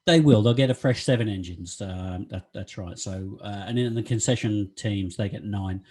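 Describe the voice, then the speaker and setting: A man's voice: fairly low pitch, normal speed, darkish tone, breathy edge. A man co-hosting a podcast in casual chat, talking freely and laughing often. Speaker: podcast co-host.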